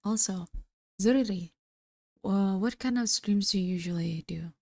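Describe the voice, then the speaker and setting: Her medium-pitched voice is a little mellow with some vocal fry, and she talks at a normal pace. The streamer chats casually, reading out viewer messages and responding, though her voice is a bit worn from slightly losing it. The recording has no echo.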